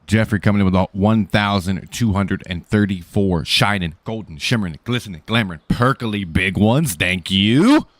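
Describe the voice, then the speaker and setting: Easygoing male streamer, slightly low voice, dry close-miked sound, casual joking chat. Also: moderate pace, few pauses, no room sound. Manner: laid-back, joking, greets viewers by name.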